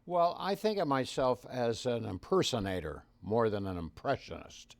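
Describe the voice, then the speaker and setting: An older man from Canada, a guest telling showbiz stories in an animated interview style, his voice rising and falling. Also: medium pitch, normal speed, dry recording. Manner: animated storyteller, swings loud and soft. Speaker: impressionist guest. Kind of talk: anecdotal interview storytelling.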